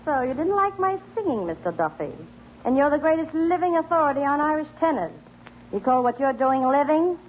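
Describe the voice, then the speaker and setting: An actress playing a brassy singing star who fires off sharp wisecracks, in 1940s radio comedy style, on a muffled old recording. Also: female voice, sits high, sing-song, brisk, slight background noise. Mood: tart. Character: brassy female singing star, tart-tongued.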